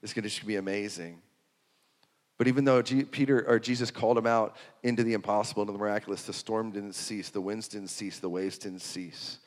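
A man preaching a sermon, swinging from hushed to loud and repeating phrases for emphasis. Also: on the low side, fairly even intonation, brisk. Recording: long hall reverb.

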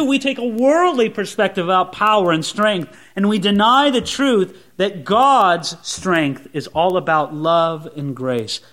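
A male pastor preaching a sermon, swinging between soft, low asides and raised, emphatic lines.

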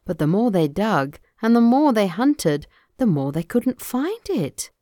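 Slow expressive woman storyteller. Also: mid-range voice, dry recording, studio quality. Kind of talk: folktale reading.

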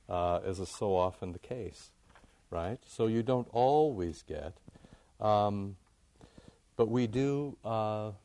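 A man giving an informal, conversational sermon to his congregation, jumping up high in pitch to make a point. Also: slow. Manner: conversational, animated, rises high for emphasis. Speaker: pastor.

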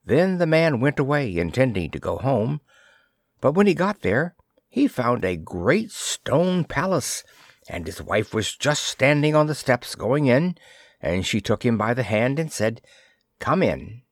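A man reading a fairy tale aloud in a measured, expressive storytelling manner. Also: medium pitch, dry recording, studio quality. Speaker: narrator.

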